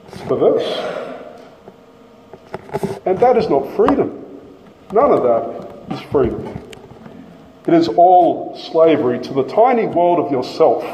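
Slow emphatic preacher in a hall. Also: male voice, fairly high pitch, very animated, warm tone, slight background noise. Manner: emphatic, slows and repeats key phrases. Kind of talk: sermon. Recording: echoey hall from a distance.

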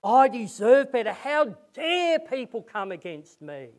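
Earnest high-voiced male preacher. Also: sing-song, unhurried. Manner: earnest, repeats words often. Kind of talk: sermon and prayer.

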